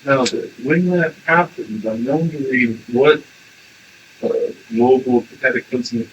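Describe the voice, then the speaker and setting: A blunt man questioning a channeled entity in casual conversation. His voice is mid-pitched, and he swears offhandedly. The recording carries clear background noise. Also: unhurried, lo-fi sound. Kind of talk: casual chat.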